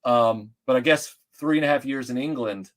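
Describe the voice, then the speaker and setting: In a casual conversation, a middle-aged guest from Atlanta tells animated, wandering stories, often starting over and filling pauses. He speaks at medium pitch and a moderate pace.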